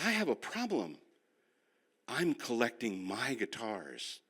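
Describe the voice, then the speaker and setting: A man's voice: medium pitch, very animated, a little slow, sharp tone. A male pastor teaching a class, who tells stories with self-mocking humor and speaks straight to the room. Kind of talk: humorous sermon-style teaching.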